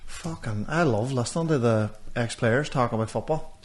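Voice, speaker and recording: A man's voice: mid-range voice, normal speed, a little hiss or hum. A man co-hosting a podcast, chatting casually and retelling football anecdotes with casual swearing. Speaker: podcast co-host. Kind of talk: casual chat.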